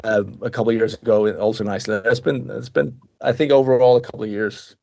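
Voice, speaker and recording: A man in his fifties from Denmark with a Danish accent, telling stories as a podcast guest in a lively way, often restarting and repeating words. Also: fairly low pitch, fast, gravelly. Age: 50s. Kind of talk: casual anecdotal storytelling.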